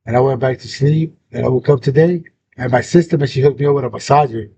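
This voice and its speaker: This young male host speaks fast in a gravelly voice, telling a story full of slang and swearing in a casual chat. The audio is dull and lo-fi, carrying a faint rumble.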